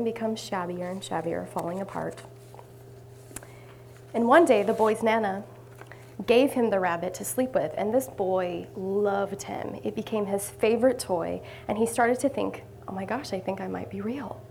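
A woman minister delivers a sermon in a warm storytelling manner. Her mid-range voice has a gravelly edge and sometimes drops to hushed asides, with a faint hiss behind it. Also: medium pitch, a little slow.

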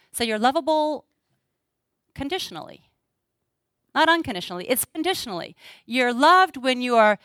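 A woman's voice: fairly high pitch, fairly bright tone, no room sound. A middle-aged woman speaking earnestly to an audience, sharing personal stories and acting out dialogue. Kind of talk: talk to a live audience.

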